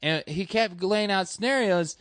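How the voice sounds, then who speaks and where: A man's voice: sits high, moderate pace, a bit bright, smooth, no echo, studio quality. A man in his twenties, a comedian guest, tells rambling, profane stories full of fillers in casual chat.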